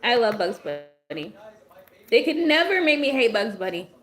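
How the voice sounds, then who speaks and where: With a highish, somewhat bright voice, very animated delivery, and moderate pace, a woman hosts a casual livestream. She speaks straight to her audience and takes their comments as they roll in, her voice wearing thin from a long run of talking.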